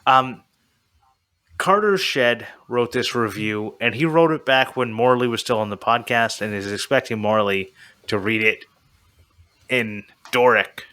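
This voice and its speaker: A male podcast host with a bright, ringing tone in relaxed chat. He rambles, laughs at himself and fills pauses with "uh" and "like". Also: medium pitch. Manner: rambling, self-deprecating, with frequent fillers.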